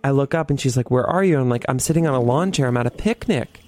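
Animated young man telling a wild story. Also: medium pitch, fast talker. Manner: animated, dramatic, swearing, laughing as he tells it. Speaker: podcast host. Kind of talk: casual storytelling.

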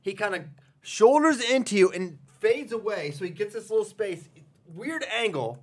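A man with a slightly raised voice hosting a relaxed chat. He tells stories with energy and often breaks into laughter. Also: high-pitched, moderate pace. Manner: storytelling, animated, laughing often. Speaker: host. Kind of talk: casual chat.

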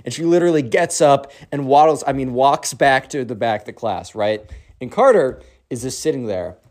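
A young man telling a story in a casual, slangy, excitable way. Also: mid-range voice, moderate pace. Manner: slangy, excitable, lots of 'bro' and 'like'.

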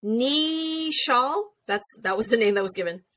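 A woman co-hosting a podcast, chatting in a bubbly, excitable way. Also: a little high, measured pace. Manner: bubbly, exclaims and restarts often. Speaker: podcast co-host. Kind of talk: casual podcast chat.

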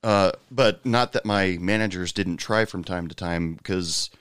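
Low-voiced man, dry close sound. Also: measured pace, a bit bright, smooth, no echo. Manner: hesitant, many fillers, laughs easily. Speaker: former bartender. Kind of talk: casual chat.

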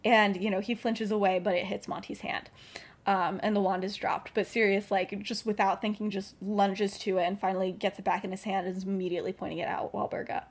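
A woman's voice: mid-range voice, flat delivery, brisk, breathy edge. Chatty woman retelling a story. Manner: chatty, with many filler words. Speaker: podcast host.

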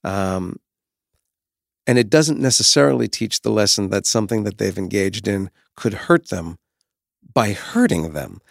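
A man's voice: on the low side, lively intonation, a little slow, vocal fry, dry recording, studio quality. A man in his fifties talking as a guest, telling candid stories in a reflective, frank way and swearing now and then. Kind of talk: candid conversational storytelling.

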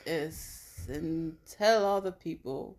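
A woman putting on the voice of a posh rich woman who dreams of being first lady, speaking slowly and affectedly as a joke on a podcast. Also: sits low, a little mellow. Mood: uppity. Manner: slow, drawn-out and affected. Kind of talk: playful put-on voice on a podcast.

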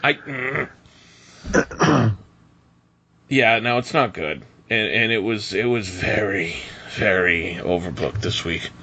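A man co-hosting a podcast in casual chat, animated and laughing often. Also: fairly low pitch, takes it slowly, long pauses, husky. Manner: animated, laughs often, quotes others in mock voices. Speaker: podcast co-host.

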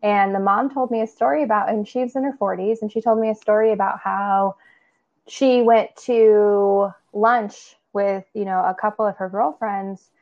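A woman's voice: mid-range voice, fairly even intonation, normal speed, a little mellow, lo-fi sound. A woman co-hosting a casual podcast as a therapist, chatty, laughing often and using lots of fillers.

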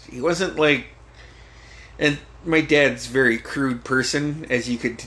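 Man, podcast guest, casual stories, lots of swearing, frequent laughs, slightly high voice. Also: a little slow, fairly bright tone. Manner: profane, laughs often. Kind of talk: casual storytelling.

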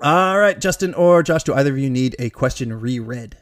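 A man's voice: mid-range voice, lively intonation, brisk. An upbeat man hosting a casual trivia game show, laughing easily.

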